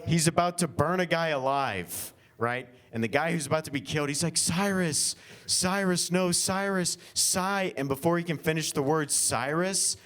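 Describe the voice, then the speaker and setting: A man's voice: a little high, brisk, few pauses, a bit bright. A young man from Oklahoma doing an improvised stand-up set at a winery comedy show, rambling with lots of fillers and self-deprecating jokes.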